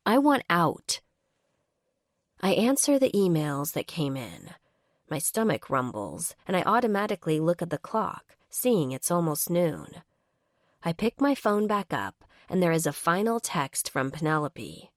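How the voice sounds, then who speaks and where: A woman narrating a first-person romance audiobook in an expressive, wry manner. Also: deep voice, a little slow, no echo, clean studio sound.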